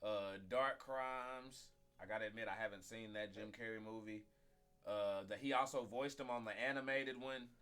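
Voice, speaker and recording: A man's voice: lowish voice, fairly even intonation, moderate pace, fairly bright tone, smooth, soft background music. A man co-hosting a casual podcast, laid-back and slangy, steering the talk between topics. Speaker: podcast co-host.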